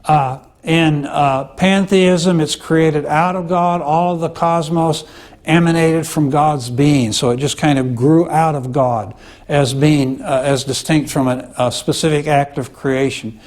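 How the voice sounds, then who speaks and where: A man's voice: a little high, fairly even intonation, unhurried, darkish tone. Man lecturing with frequent "okay?" check-ins. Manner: conversational, with many "uh" fillers and restarts. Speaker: teacher. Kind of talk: classroom lecture.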